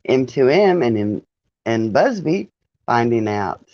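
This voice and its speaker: A woman's voice: very deep voice, big pitch swings, slow, dark tone, no room sound, muffled recording. A woman hosting a casual livestream, chatting with viewers, greeting them by name and laughing often. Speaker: livestream host. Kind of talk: casual live-stream chat with viewers.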